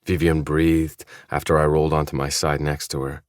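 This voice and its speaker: Man with a very deep voice narrating. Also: flat delivery, moderate pace, dry recording, clean studio sound. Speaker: audiobook narrator. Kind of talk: scripted first-person audiobook narration.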